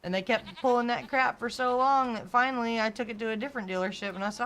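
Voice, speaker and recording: A woman's voice: on the high side, steady tone, quick pace, hardly any pauses, a bit bright, slight background noise. A woman streamer chatting casually, telling car stories and laughing often. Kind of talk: casual chat.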